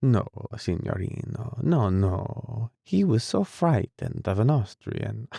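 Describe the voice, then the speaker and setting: A man's voice: lowish voice, sing-song, slow, gravelly, warm tone, breathy edge, no room sound, voice pushed up, exaggerated voice. A man reading an audiobook, voicing an amused young hospital porter who keeps trying not to laugh. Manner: giggly, apologetic. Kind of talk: audiobook character voice.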